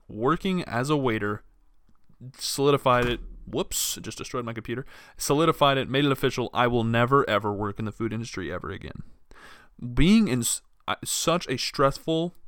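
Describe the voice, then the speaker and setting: A young man rants into a podcast mic in a loose, exasperated, foul-mouthed ramble that keeps tripping over itself. His voice sits at an ordinary middle pitch. The sound is dry and close, with no room around it. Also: fairly bright tone, dry recording. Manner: exasperated, profane, rambling with restarts. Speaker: podcast host. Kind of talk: casual solo rant.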